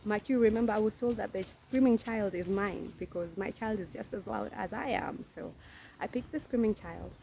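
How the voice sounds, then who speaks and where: A woman's voice: medium pitch, normal speed, creaky, dark tone, slight background noise. A young woman casually telling her birth story to viewers, chatty and direct.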